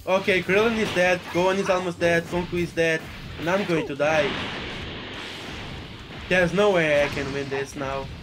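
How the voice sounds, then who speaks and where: A man doing let's play commentary, frustrated and swearing often, with loud outbursts. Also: on the high side, fairly even intonation, normal speed, pauses often. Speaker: gaming video creator. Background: game music.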